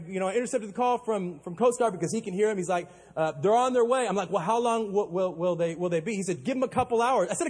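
A male pastor preaching a sermon, telling a story with animated delivery and acting out panicked quotes. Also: sits high, breathy edge. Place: church auditorium. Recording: long hall reverb.

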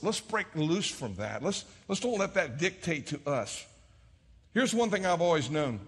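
Male pastor, middle-aged, bright and slightly raised voice, storytelling sermon that swings from soft to loud in a church sanctuary. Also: on the high side, breathy edge, long reverb tail. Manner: storytelling preacher, swings from hushed to shouting.

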